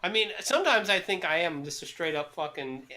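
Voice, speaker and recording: A man's voice: fairly high pitch, very animated, a little fast, pushed and bright. A young man co-hosting a podcast, talking in a cynical, heavily profane, rambling way. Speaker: podcast co-host. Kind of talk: casual chat.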